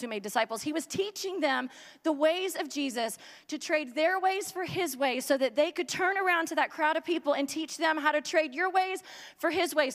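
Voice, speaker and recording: Woman preacher, high voice, chatty comic sermon delivery, echoey hall. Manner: chatty and joking, many filler words. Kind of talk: humorous casual sermon.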